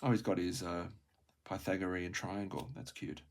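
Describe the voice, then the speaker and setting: A man reading through a Greek textbook aloud, sounding out words slowly, repeating them and correcting himself, with quiet asides. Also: low-pitched, steady tone. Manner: thinks aloud with soft asides.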